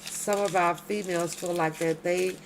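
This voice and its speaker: A woman with a voice on the low side hosts late-night commentary from home at normal speed and with fairly even intonation, reading documents aloud. She stops to address her viewers directly with emphatic, slangy outbursts, and there's slight background noise.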